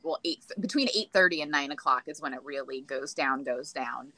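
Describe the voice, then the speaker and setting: A woman's voice: extremely low pitch, fairly quick, bright, forceful tone, no room sound, poor audio. A woman with a Boston accent hosting a casual livestream chat, blunt and joking with plenty of swearing. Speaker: livestream host.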